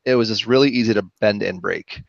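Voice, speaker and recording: A man's voice: on the low side, fairly quick, vocal fry, no room sound. Man, podcast co-host, casual, hesitant, muffled dull audio, dry. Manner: hesitant, many fillers, trails off. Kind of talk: casual chat.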